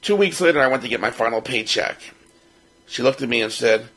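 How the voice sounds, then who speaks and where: In a low-quality recording, a Baltimore podcast co-host in his fifties shares a personal story, speaking a little fast at medium pitch. He's an animated storyteller who acts out the lines of the people involved.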